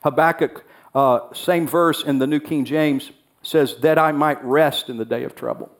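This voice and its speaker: A man's voice: a little high, fairly even intonation, measured pace. A man preaching a sermon, earnest and repeating key phrases as he voices the prophet's words. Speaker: pastor.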